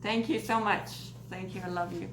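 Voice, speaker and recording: A Canadian woman vlogger chats through unboxing crochet mail, gushing and giggling along the way. Her voice is mid-range, steady, and moderately paced, recorded in an echoey, noisy room.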